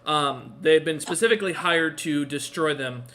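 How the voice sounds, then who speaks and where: A man voicing a dutiful male city guard who reports to his lord in an earnest, halting way. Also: a little high, sharp tone.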